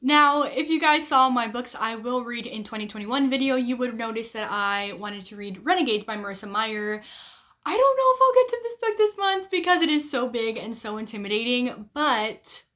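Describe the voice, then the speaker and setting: A woman's voice: fairly high pitch, animated, moderate pace, a bit bright. A young woman vlogger chatting casually about her reading plans, bubbly, with frequent ums and restarts. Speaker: book vlogger. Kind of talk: casual chat.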